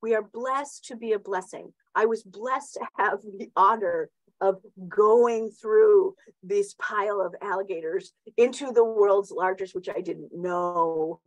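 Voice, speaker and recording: A woman's voice: mid-range voice, a little slow, hardly any pauses, no echo, low-quality recording. A middle-aged woman hosting a motivational talk, chatty, with many restarts and tag questions. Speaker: host.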